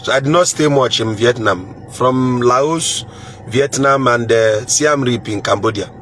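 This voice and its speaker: A man's voice: medium pitch, measured pace, fairly bright tone, a little hiss or hum. A man with a Nigerian accent hosting a casual live chat, reading viewer comments in a playful way, chuckling and repeating phrases.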